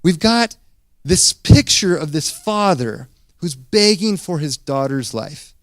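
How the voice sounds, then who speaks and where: A man preaching a sermon as pastor, retelling a scripture story in a casual, animated way with frequent restarts. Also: fairly high pitch, slow pace, dry recording, studio quality.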